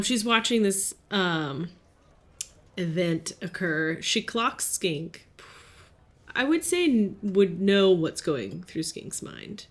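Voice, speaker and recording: Casual woman playing a tabletop game. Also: medium pitch. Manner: casual, hesitant with fillers. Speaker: player.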